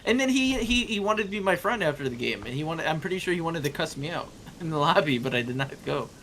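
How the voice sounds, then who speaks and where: A man's voice: on the high side, lively intonation, quick pace, fairly bright tone, slight background noise. A man chatting casually with friends while gaming, telling a rambling story with laughs and restarts. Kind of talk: casual chat while playing.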